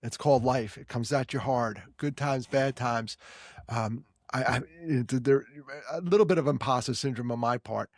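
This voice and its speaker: A man with a New York accent, co-hosting a podcast and telling stories in casual, animated chat full of quick restarts. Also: mid-range voice, no echo, studio quality. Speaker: podcast co-host.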